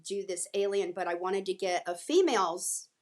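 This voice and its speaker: A woman telling anecdotes in a casual interview, animated and acting out what others said. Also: mid-range voice, moderate pace. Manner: animated, acts out quotes from others. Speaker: guest actress. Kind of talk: casual storytelling.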